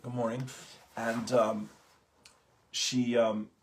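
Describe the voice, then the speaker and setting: A man hosting a morning spiritual talk, speaking haltingly with many pauses and fillers, just out of bed. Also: mid-range voice, little pitch movement, slight background noise. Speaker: host of a morning spiritual program.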